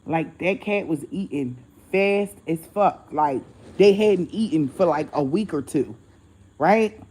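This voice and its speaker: Animated woman telling a story. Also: deep voice, slow, breathy edge, poor audio. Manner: animated, acts out voices in quotes, swears freely. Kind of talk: casual storytelling to viewers.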